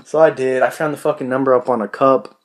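Young man, late teens, casual vlog talk, rambling, swears a lot, mid-pitched voice. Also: fairly even intonation, quick pace. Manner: profane, rambling, with lots of "you know" fillers. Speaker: vlogger.

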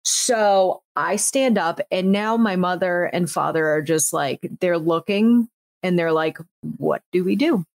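A woman, telling a story on a podcast with lively acted-out quotes and lots of "like". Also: fairly low pitch, measured pace, no room sound. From United States. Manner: animated, acts out quotes, frequent "like" fillers. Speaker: podcast host. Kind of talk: casual storytelling chat.

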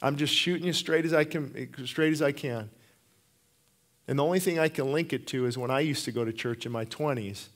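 A man's voice: mid-range voice, a little fast. A middle-aged man preaching a sermon as pastor, impassioned, often repeating words and restarting phrases.

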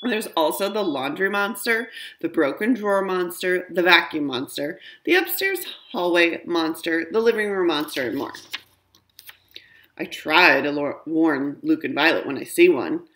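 A woman reading a children's storybook aloud, with a lower voice that swoops up and down expressively. Her delivery is animated and playful. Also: normal speed. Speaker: reader.

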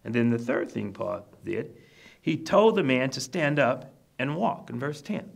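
This minister speaks in a mid-range, creaky, slightly rough voice, taking his time while his pitch swings widely. He's delivering a sermon to nursing home residents, putting scripture into plain words. He repeats his points again and again, exhorting and encouraging his listeners.

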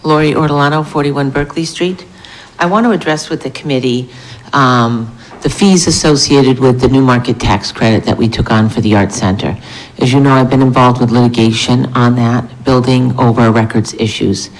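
A woman's voice: very deep voice, fairly even intonation, moderate pace, poor audio. A woman speaking as a member of the public at a city committee meeting, making a pointed, critical argument backed by numbers. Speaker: member of the public giving comment. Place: city council meeting room.

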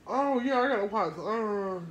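A woman's voice: mid-range voice, animated, takes it slowly, lo-fi sound, a little hiss or hum. A woman vlogging at home into a phone camera, chatting casually to her viewers and sounding congested from sinus trouble. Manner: chatty, talks to viewers as y'all. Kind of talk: casual vlog chat to viewers.

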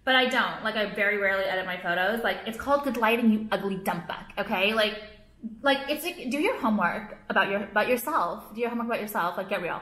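A young woman who owns a jewelry line rants casually to a camera, not a phone, speaking fast with a mid-range, sharp voice. She rambles, leans heavily on "like," and is blunt and profane, all in an echoey room.

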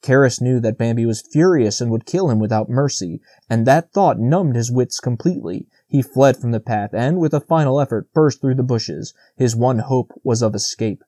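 A man narrating a classic children's novel in a steady, measured storytelling manner. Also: medium pitch, no echo, clean studio sound. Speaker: audiobook narrator. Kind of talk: audiobook narration.

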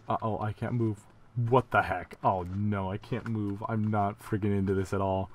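A young man giving let's play commentary, excitable and full of exclamations. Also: on the low side, normal speed, slight background noise. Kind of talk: game commentary.

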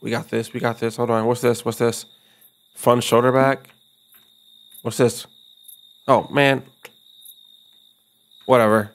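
A man's voice: mid-range voice, little pitch movement, slow pace, long pauses, slight background noise. A young man casually commenting while he plays a game, laid-back and self-mocking, often muttering and swearing under his breath. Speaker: streamer playing a game.

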